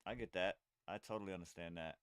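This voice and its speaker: A man hosting a podcast in casual chat, excitable and slangy, calling people "bro". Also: low voice, fast talker. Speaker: podcast host.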